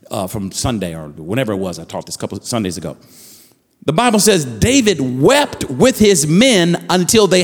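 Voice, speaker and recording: Male pastor, high voice, fervent sermon, repeated rising calls, long hall reverb.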